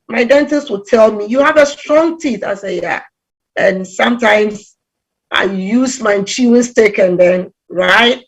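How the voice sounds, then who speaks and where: A middle-aged woman from Ghana giving a conversational talk on relationships, telling stories with lively acted-out quotes. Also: medium pitch. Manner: animated storytelling, acts out quoted voices. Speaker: relationship talk guest speaker.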